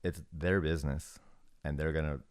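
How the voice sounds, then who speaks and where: Middle-aged man, extremely low voice, slow considered podcast talk. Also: fairly even intonation, clear, resonant tone. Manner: measured, hesitant, thinks aloud. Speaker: podcast guest, former snowboard shop manager. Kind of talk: casual podcast conversation.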